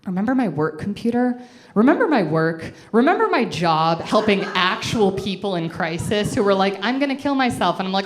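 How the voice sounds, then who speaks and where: A woman in her twenties telling a self-deprecating comic story to a live audience, animated and chatty. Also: mid-range voice, moderate pace.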